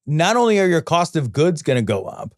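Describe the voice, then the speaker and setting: Heated, crude man with a high voice. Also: very animated, brisk, darkish tone, no echo, clean studio sound. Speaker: podcast co-host. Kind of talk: casual political chat.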